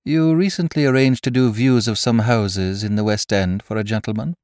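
A man's voice: fairly low pitch, moderate pace, a little mellow, no room sound, clean studio sound, pitched above the performer's own voice, close to an everyday voice. A man voicing an earnest, eager young man in an audiobook reading. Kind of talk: audiobook character voice.

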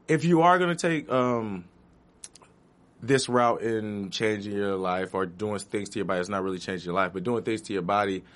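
A man with a low voice chatting as a panelist in a studio. He speaks animatedly and tells his points like a story. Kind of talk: casual chat.

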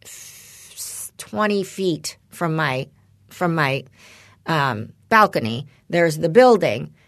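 A middle-aged woman co-hosting a podcast, telling a rambling story in casual chat and putting on animated voices when she quotes people. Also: low-pitched, takes it slowly, dry recording. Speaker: podcast co-host.

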